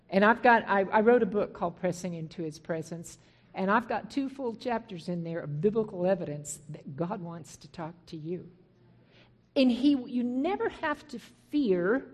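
A middle-aged woman minister giving a personal testimony sermon, telling her story in an animated way and acting out remembered conversations. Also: medium pitch. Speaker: Christian minister.

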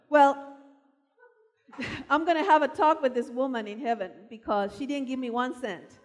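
A woman from Argentina preaching a sermon, telling personal stories with animated emphasis. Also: high voice, normal speed. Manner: animated storyteller, voice rising for emphasis. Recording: long hall reverb.

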